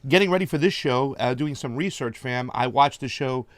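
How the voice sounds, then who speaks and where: A man's voice: medium pitch, moderate pace, dry recording. A man hosting an interview show, hyped, slangy and profane as he introduces his guest. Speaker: host.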